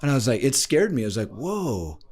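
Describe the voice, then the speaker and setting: Interviewed on a podcast as a life coach, a man tells a story briskly, with a breathy edge to his voice. He's animated, acting out the voices of the people in it with big jumps in pitch.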